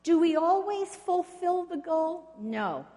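A woman's voice: extremely high pitch, lively intonation, slow, warm tone. A woman preaching a sermon in an earnest storytelling way, asking the congregation questions. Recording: long reverb of a hall.

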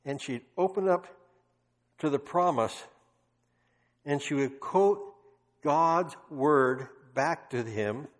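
A man preaching a sermon, telling stories emphatically with passionate bursts. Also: fairly high pitch. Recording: long reverb of a large hall.

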